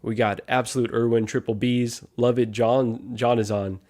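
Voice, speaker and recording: Male stream host, casual and friendly, mid-pitched, running through viewer shout-outs. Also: steady tone, moderate pace. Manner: upbeat, greeting viewers one by one. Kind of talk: casual live stream chat.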